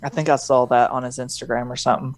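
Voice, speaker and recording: A woman's voice: rumbling low, little pitch movement, fast talker. A woman co-hosting a podcast, rambling and laughing often in casual chat. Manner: rambling, laughs often, drops into jokey voices. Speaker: podcast co-host.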